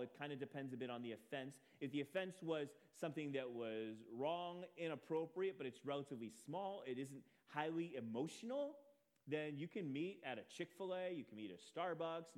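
A man preaching a sermon as pastor, telling a personal story with animated, self-deprecating asides. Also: mid-range voice.

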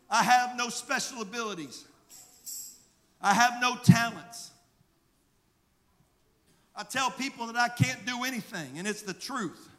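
A man with a Southern accent preaching a rhythmic sermon as pastor, swinging between hushed passages and shouted refrains. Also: extremely high pitch, measured pace, pauses often. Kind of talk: fiery sermon. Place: church sanctuary. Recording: long hall reverb, faint crowd and noise.

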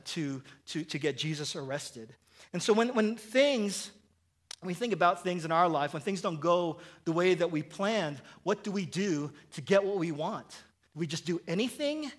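A man's voice: fairly high pitch, a bit bright. A man preaching a sermon in church, conversational and joking, often restarting and asking "right?". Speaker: pastor.

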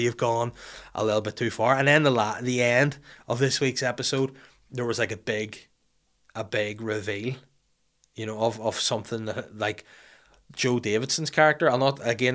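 A man's voice: medium pitch, fairly bright tone. A man with a Northern Irish accent hosting a casual, joking, sweary chat. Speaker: podcast host.

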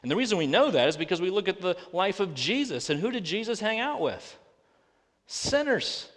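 A pastor preaching a sermon, earnest and full of rhetorical questions, slowing down to read scripture aloud. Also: male voice, high-pitched, big pitch swings, fairly bright tone. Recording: long reverb of a large hall.

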